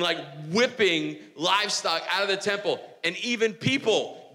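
A man preaching a casual, excitable sermon, telling a story with many restarts and filler words. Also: sits high, measured pace, long reverb tail. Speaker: pastor.

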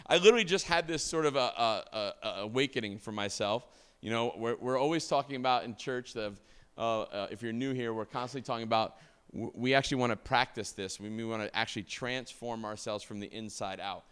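A man's voice: on the low side, a little fast, a bit bright, smooth. A middle-aged male pastor preaching a conversational sermon, casual and full of fillers and restarts, often asking the congregation questions.

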